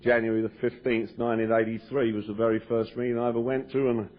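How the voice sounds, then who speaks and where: A man's voice: mid-range voice, level tone, fast talker. An Englishman giving a joking, self-deprecating talk to a recovery meeting, often stammering and restarting. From England. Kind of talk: humorous personal talk to an audience. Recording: lo-fi 1990s cassette tape.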